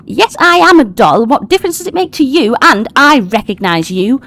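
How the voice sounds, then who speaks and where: A woman's voice: high voice, big pitch swings, moderate pace, a bit bright, a little hiss or hum, pitched above the performer's own voice, heavily acted. A woman voicing a sarcastic, defiant creepy doll for a tabletop game. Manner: mocking, sing-song fake fear.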